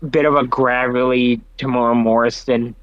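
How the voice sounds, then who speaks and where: A man chatting casually as a podcast host, swearing often and reacting quickly. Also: medium pitch, little pitch movement, lo-fi sound. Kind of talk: casual chat.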